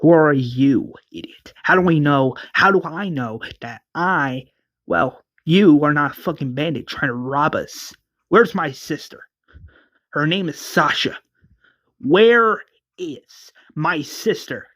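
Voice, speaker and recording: Tyrese is a confrontational stranger, hostile and quick to threaten, as a man puts him on. The voice is pushed higher than the performer's usual tone and stays dry and close to the mic. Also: lively intonation, fairly bright tone, no room sound, full character voice. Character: suspicious armed man searching for sister.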